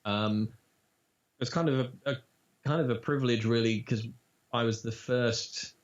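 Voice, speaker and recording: A voice actor chats casually in an interview, telling animated stories and dropping in quick demo voices. He has a medium-pitched voice, captured in dull, lo-fi audio.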